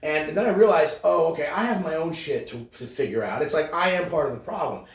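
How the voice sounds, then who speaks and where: A man's voice: a little high, lively intonation, fairly quick. A man co-hosting a podcast, ranting in casual, profane, sarcastic chat. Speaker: podcast co-host. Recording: roomy, distant mic.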